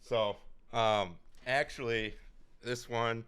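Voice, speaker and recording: A man's voice: mid-range voice, steady tone, slow, fairly bright tone, clean tone. A man co-hosting a podcast, telling stories in casual chat, rambling and hesitant with many fillers. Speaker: podcast co-host.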